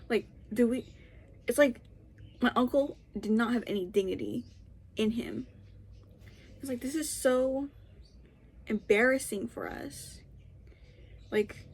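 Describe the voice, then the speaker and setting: A young woman talks casually into the camera, her voice a touch high and airy. She rambles and restarts often, padding her story with fillers as if chatting with a friend. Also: a little slow, pauses often, husky. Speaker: vlogger.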